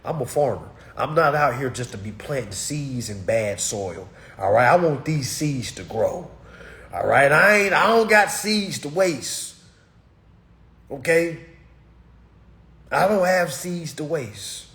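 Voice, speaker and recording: A man, giving a blunt, preachy talk to his course students that swings between loud and muttered. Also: mid-range voice, animated, slow. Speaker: course teacher. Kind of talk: blunt motivational rant.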